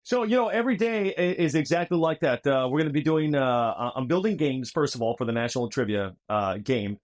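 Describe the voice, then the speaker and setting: A man with a mid-range voice talks fast and excitedly as a podcast guest. He tells stories about his trivia show with easy slang like dude and my friend. He is recorded in his own studio under overhead microphones. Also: medium pitch. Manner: energetic, says dude and my friend. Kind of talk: lively storytelling conversation.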